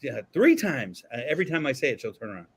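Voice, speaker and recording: A man co-hosting a podcast in casual chat, joking and excitable, swearing freely. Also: mid-range voice, fast talker, breathy edge. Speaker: podcast co-host. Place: podcast studio.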